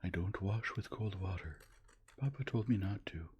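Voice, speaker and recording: A man voicing a sleepy, overjoyed young boy in a breathy whispered role-play. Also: low-pitched, normal speed, noisy background, voice pushed up, natural voice. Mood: eager whisper.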